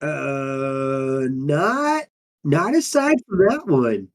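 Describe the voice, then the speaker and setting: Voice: medium pitch, lively intonation, drawn-out words. A performer playing a laid-back undine monk who talks in drawling surfer slang, in an improvised in-character interview. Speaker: player character.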